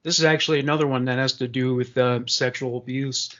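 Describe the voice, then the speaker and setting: A man's voice: medium pitch, steady tone, fast, fairly bright tone. Man from Canada, podcast co-host, sarcastic, swears a lot, slightly muffled sound. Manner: crude, sarcastic, reading news stories. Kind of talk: casual podcast chat.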